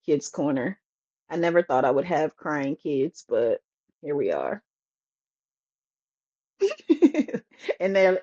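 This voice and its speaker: A woman's voice: on the low side, lo-fi sound. A woman co-hosting a podcast, talking expressively about her son and laughing as she vents. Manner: expressive, laughing, exasperated parenting rant. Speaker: podcast co-host. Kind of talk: casual chat.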